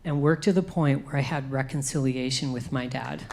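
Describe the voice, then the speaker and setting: A woman's voice: extremely low pitch, normal speed, vocal fry, darkish tone, slight background noise. A middle-aged woman giving an emotional personal testimony at a conference, acting out what she said in the past. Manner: emotional storytelling, acts out her own past speech. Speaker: conference speaker.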